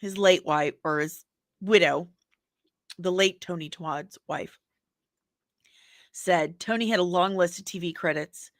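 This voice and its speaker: Woman, host, casual entertainment news chat, low voice, rambling with jokey asides, dry close sound. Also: a little slow, pauses often, dry recording.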